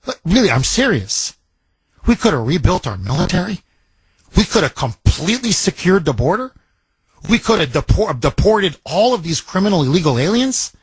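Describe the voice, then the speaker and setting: An American man hosts talk radio from the studio, hammering his points with emphatic repetition. His voice sits a little high for a man and has a slightly husky edge. The sound is close and dry. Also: big pitch swings, normal speed, no echo. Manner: emphatic, repetitive, quoting listeners in his own voice. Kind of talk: opinionated talk radio monologue.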